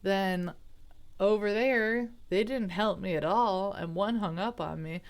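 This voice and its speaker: Sounding baffled and indignant, a woman rambles through a true crime retelling, correcting herself, going off on asides and voicing her outrage. She speaks unhurriedly in a mid-range voice.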